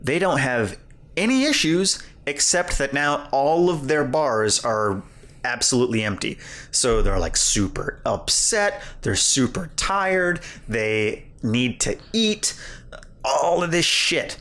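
A man's voice: medium pitch, slow pace. A man co-hosting a podcast, telling a funny story in casual chat and laughing along as he goes. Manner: animated, laughs through his own story. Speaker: podcast co-host.

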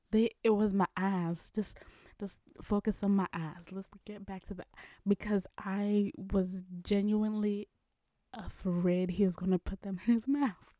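A young woman from Kenya tells a story to her camera in an unhurried, chatty vlog style. She talks slowly and often drops into a breathy whisper for effect. The sound is dry and close, with no room echo. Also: medium pitch. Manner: animated, dips into breathy whispers. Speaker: vlogger.

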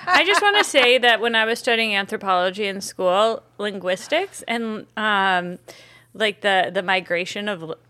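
A woman's voice: medium pitch, animated, normal speed, bright, forceful tone. A woman co-hosting a casual podcast, giggly and casually swearing. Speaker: podcast co-host. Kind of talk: casual chat.

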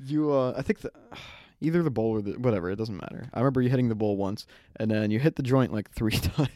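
A young man co-hosting a podcast, telling a loose, rambling story with plenty of laughs. His pitch swings widely as he acts out the other people in it. The recording is dry and close. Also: fast, no room sound. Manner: animated, rambling, acts out quotes, laughs often. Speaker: podcast co-host. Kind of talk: casual storytelling chat.

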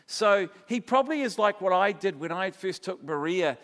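A man with a New Zealand accent preaching a sermon, telling stories with animated, acted-out dialogue. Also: high voice, moderate pace, long reverb tail. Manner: animated storytelling, acting out quoted dialogue. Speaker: pastor.

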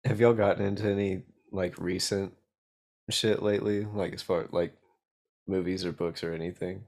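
A man's voice: low-pitched, fairly even intonation, normal speed, darkish tone. A man hosting a podcast, joking and laughing through casual chat with hesitant fillers.

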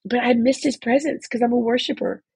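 A woman in her forties tells her faith story as an interview guest, circling back through restarts and fillers. Her voice is husky and gravelly, and her nose is stuffed up from crying. The sound is close and dry. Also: fairly high pitch, a little fast, a little mellow, dry recording. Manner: emotional, rambling with many restarts and fillers. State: congested from crying. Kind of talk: personal testimony in a faith interview.

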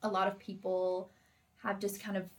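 A woman's voice: medium pitch, monotone, moderate pace. Young woman from Oregon, rambling, giggly. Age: young adult. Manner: rambling, full of "like", laughs easily. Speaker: guest, nursing student. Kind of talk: casual podcast conversation.

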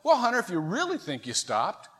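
Brief: man voicing a deadpan, no-nonsense wife, high and bright, echoing sanctuary. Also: a little fast, full character voice. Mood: dry. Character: blunt, practical wife, middle-aged woman. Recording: reverberant church sanctuary.

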